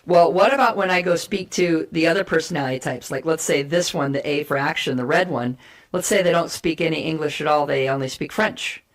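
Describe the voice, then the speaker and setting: A woman guest giving an energetic, persuasive talk on communication styles and acting out short role plays to make her points. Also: low voice, brisk. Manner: energetic, persuasive, emphatic teaching. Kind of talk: animated explanatory talk with role play.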